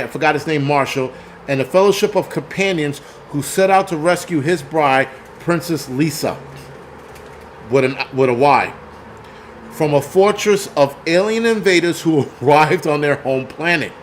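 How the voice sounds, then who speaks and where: A man in his forties chats loosely on a livestream, swearing freely and jumping between thoughts. His voice sits a little high for a man. A faint hum of room ambience runs underneath. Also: a little slow. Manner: profane, rambling, reads chat aloud. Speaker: film review livestream host. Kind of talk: casual livestream chat.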